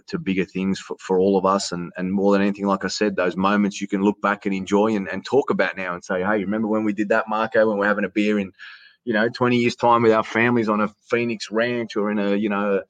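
This is an Australian man with a lowish voice, talking casually as a podcast guest. He rambles, repeats himself and keeps saying mate. The sound is close and dry. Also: dry recording. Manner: rambling, repeats words, says mate often. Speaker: stadium announcer, guest. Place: hotel quarantine room.

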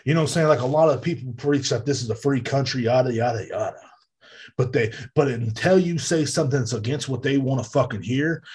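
This Texan podcast host delivers a heated, profanity-laced solo rant as a casual monologue. He talks fast in a medium-pitched voice with a darkish, slightly rough tone.

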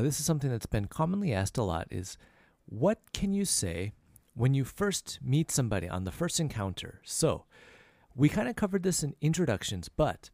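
A man hosting a language lesson podcast, repeating each phrase slowly and then faster so listeners can practice. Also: medium pitch, a little mellow, no echo, clean studio sound. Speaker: podcast host teaching Korean.

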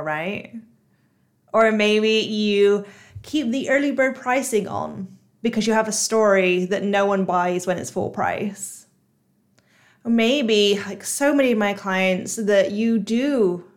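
A woman with a Bristol accent, hosting her own podcast as a hypnotherapist and coach, talking casually with many fillers. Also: mid-range voice. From Bristol, England. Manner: chatty, frequent "you know" and "like" fillers. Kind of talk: solo podcast monologue.

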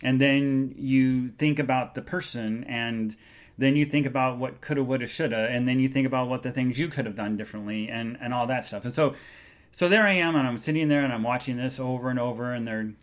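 A man hosting a solo podcast, talking in an earnest, halting way with many restarts as he recounts an emotional day. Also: mid-range voice. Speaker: podcast host. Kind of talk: solo live podcast monologue.

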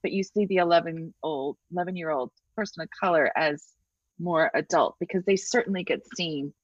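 A woman's voice: lowish voice, fairly quick, no echo, lo-fi sound. A woman co-hosting a casual podcast chat, talking in an emphatic, reflective way.

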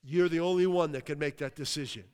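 A man's voice: fairly high pitch, fast talker, a little mellow, smooth. Preaching man in a reverberant hall. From Western Pennsylvania. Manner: exclaims hallelujah, asks the crowd. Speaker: pastor. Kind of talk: sermon.

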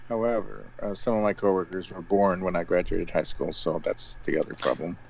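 A man co-hosting a podcast, joking and tossing in quick asides in casual chat. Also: low voice, creaky, slightly rough, dull audio. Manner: animated, jokey, quick asides. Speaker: podcast co-host.

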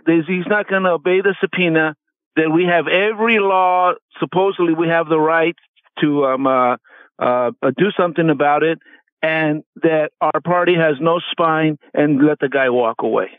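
An older man calling in to a radio show, talking in a rambling, halting way. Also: on the high side, no room sound. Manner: rambling, halting, laughs at himself. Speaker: caller. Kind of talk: call-in radio chat. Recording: tinny phone line.

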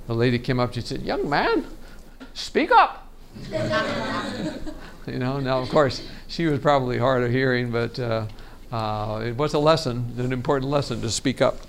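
A man teaching a workshop on storytelling in a relaxed seminar style, talking casually and often restarting his sentences. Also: mid-range voice, slight background noise. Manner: chatty, frequent restarts and laughs. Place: conference meeting room.

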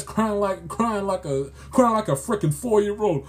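A man's voice: high voice, moderate pace, few pauses. A man ranting in sports commentary, exasperated and scolding, repeating himself as he builds his point.

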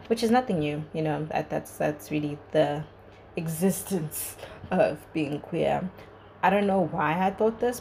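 A woman's voice: fairly low pitch, darkish tone, a little hiss or hum, low-quality recording. A young woman hosting a podcast, giving an earnest, chatty solo review full of "like" and "you know". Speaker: podcast host.

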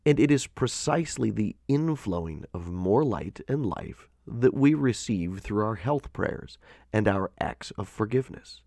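A man narrating a devotional audiobook in a measured, expressive way with earnest emphasis. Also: lowish voice, creaky, no room sound, studio quality.

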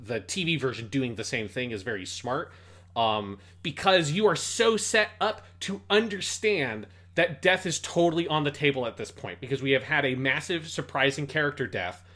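A man's voice: mid-range voice, animated, moderate pace, pushed and bright. A man co-hosting a casual podcast about anime, talking enthusiastically with frequent swearing and restarts. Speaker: podcast co-host.

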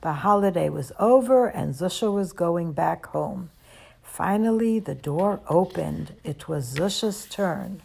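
A woman reading a children's story aloud, gentle and expressive. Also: lowish voice, measured pace, creaky, husky.

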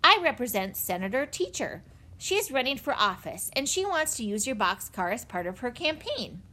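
Woman putting on a jittery pushy agent, raised voice, lively swoops, storybook reading. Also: fairly high pitch, moderate pace, pitched above the performer's own voice, full character voice. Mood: eager. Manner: eager, fidgety, hesitant with "uh". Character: nervous, pushy middle-aged male campaign agent.

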